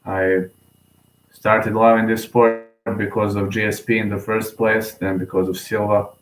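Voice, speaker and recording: Excitable young man calling a fight. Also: on the low side, a little slow. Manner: excitable, emotional, repeats himself. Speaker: fan commentator. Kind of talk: live fight commentary. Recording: roomy echo.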